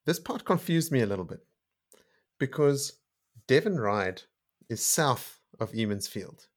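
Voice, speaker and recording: A man's voice: mid-range voice, big pitch swings, measured pace. A man co-hosting a podcast, raising questions in a careful, puzzled way. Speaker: podcast co-host. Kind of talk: casual discussion.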